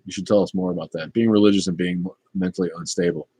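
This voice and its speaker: A man in his fifties hosts a casual livestream, reading the chat in a low, husky voice at a fast clip with no room sound. He rambles in a relaxed way, using lots of fillers.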